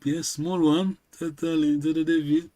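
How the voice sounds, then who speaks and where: A man who speaks natively, teaching a lesson over a video call, slow and patient, often checking in with a quick "yes?". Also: fairly high pitch, little pitch movement, dark tone. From Congo region, Kikongo-speaking village. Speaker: language teacher. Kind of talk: online language lesson.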